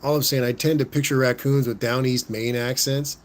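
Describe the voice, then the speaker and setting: A man's voice: medium pitch, steady tone, a little fast. A man with a Southern Californian accent hosting a casual livestream, reading out viewer comments in a laid-back way, talking into a phone he holds in his hand. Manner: laid-back, says "like", "rad" and "dude" a lot. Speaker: host reading live chat. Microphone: phone held in hand.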